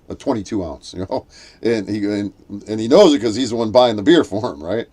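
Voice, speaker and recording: His delivery is brisk and mellow as he chats casually, telling a meandering story with plenty of restarts. Quoted lines get acted out in a higher voice.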